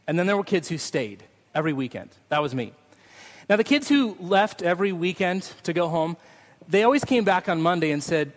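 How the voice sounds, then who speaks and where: A man's voice: sits high, lively intonation, moderate pace. A man preaching a Christmas Eve sermon as pastor, telling stories and leading prayer. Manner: storytelling with sung snippets, ending in prayer. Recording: long hall reverb.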